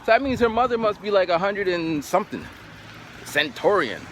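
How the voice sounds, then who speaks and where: A man's voice: sits high, normal speed, a little hiss or hum. A man in his forties tells a story to the camera in a casual way. He acts out what people said and keeps going back to "so then.". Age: 40s. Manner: animated anecdote telling, acts out quotes, repeats "so then". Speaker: vlogger.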